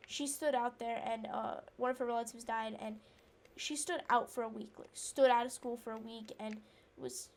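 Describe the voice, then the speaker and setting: A woman tells a long, rambling personal story as she plays, sounding indignant and catching herself with ums and restarts. Her voice sits a little on the high side. Now and then she breaks off to react to the game. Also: fairly even intonation, moderate pace, darkish tone. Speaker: gamer telling a story while playing. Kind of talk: casual storytelling chat.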